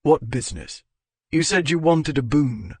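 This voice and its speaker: Guy reading as a lovesick gentleman, gruff and earnest, fairly high voice, dry sound. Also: expressive, unhurried, dry recording. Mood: exasperated. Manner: gruff, earnest, low growls. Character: lovesick young gentleman, flustered and protective. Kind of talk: audiobook character voice.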